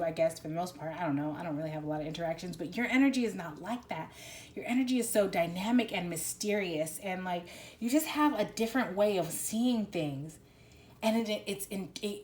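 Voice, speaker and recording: Excitable woman rambling through a tarot reading. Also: medium pitch. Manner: rambling, excitable, full of fillers and restarts. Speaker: tarot reader. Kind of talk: pick-a-card tarot reading.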